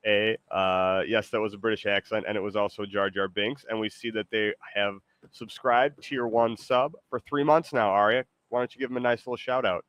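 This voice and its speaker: Rambling excitable male streamer, very deep voice, dry mic. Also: smooth, no echo, lo-fi sound. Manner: excitable, rambling, loud bursts. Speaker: streamer host. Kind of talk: casual livestream chat.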